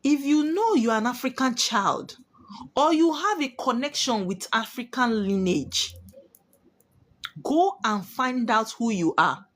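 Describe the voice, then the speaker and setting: A woman's voice: a little high, lively intonation, measured pace, a bit bright. A woman, a spiritualist delivering emphatic, preachy warnings straight to her viewers and repeating key lines for weight. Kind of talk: prophetic monologue to viewers.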